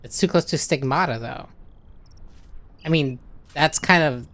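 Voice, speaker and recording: A woman's voice: low-pitched, unhurried. A woman co-hosting a gaming podcast, reading out chat questions and bantering playfully. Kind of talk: casual chat.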